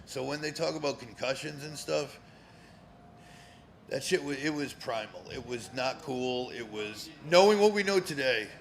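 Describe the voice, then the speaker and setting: This former pro wrestler, a Connecticut man in his fifties, tells rambling stories full of swearing and fillers while guesting on a live show at a cigar lounge. His medium-pitched voice is gravelly and animated, at a moderate pace.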